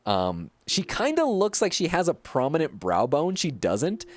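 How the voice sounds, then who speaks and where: A gaming streamer casually chatting through gameplay, chatty and giggly and full of fillers. The pitch swings across a very wide range, from low mumbles to bright highs. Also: wildly swooping pitch, unhurried, no room sound.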